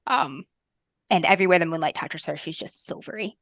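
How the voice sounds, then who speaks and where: A woman game master narrating a fantasy tabletop game in a soft, lyrical way, with frequent ums. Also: lowish voice, animated, brisk, no echo, clean studio sound.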